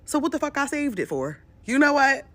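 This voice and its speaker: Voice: sits high, big pitch swings, brisk, a bit bright. A speaker in a ranting social media clip, emotional and profane, joking and then taking it back.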